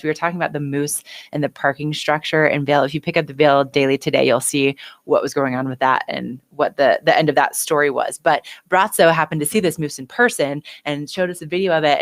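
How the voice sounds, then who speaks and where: A woman's voice: low voice, no echo. A bubbly woman hosting a morning show, laughing often as she reads viewers' comments. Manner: giggly and bubbly, laughing at the chat. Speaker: show host.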